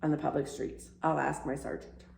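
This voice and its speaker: A woman voicing a puzzled, good-natured policeman in a storybook, talking in a slow, folksy way. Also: deep voice, little pitch movement, vocal fry, a little mellow, echoey room. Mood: friendly.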